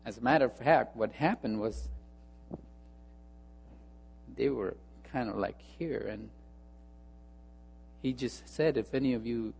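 A male pastor preaches at a slow, deliberate pace, dropping to hushed asides and then pressing his points through repetition. His voice rings with the long reverb of a church hall. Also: mid-range voice, creaky, slightly rough. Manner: storytelling, swinging between hushed asides and emphatic repetition. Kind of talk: sermon.

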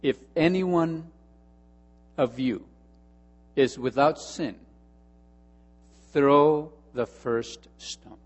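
A preacher voicing a gentle, compassionate Jesus, speaking softly and without hurry. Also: male voice, mid-range voice, moderate pace, hardly any pauses, close to an everyday voice. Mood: firm.

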